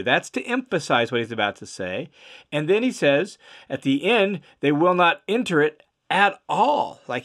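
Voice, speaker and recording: A man's voice: fairly high pitch, fairly bright tone. A man teaching through a Bible passage verse by verse, in an earnest and emphatic explaining manner.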